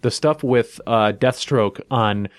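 A man in relaxed podcast chat with a middle-pitched voice. The sound is dry and close, with no room echo, and he talks in an easy, reflective way. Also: takes it slowly. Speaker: podcast co-host. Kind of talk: casual chat.

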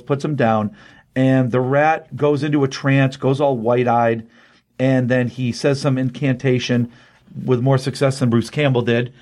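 A man casually recapping a comic book story, lively, with quick voices for the characters he quotes. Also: medium pitch.

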